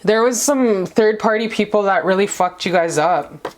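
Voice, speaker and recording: A woman's voice: mid-range voice, normal speed, slight background noise. A woman giving a casual tarot reading to the camera, rambling and gushing, calling the viewer baby. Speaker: tarot reader. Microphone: camera mic.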